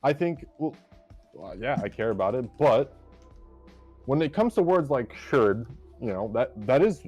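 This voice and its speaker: A man's voice: mid-range voice, big pitch swings, measured pace, darkish tone, slightly rough, soft background music. A man joining a streamed chat as a guest, making his points in a wordy, argumentative, self-mocking way. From Polish family. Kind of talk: casual debate chat on a stream.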